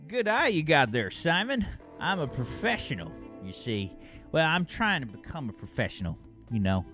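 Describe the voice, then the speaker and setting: A man's voice: fairly high pitch, sing-song, normal speed, music in the background. A man voicing a folksy Wild West blackjack dealer with a put-on Southern drawl and a chummy, coaxing manner.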